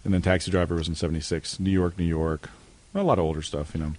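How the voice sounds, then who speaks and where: Low-voiced man chatting loosely. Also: steady tone, fast talker, a little mellow. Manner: rambling, laughs often. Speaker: podcast co-host. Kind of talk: casual chat.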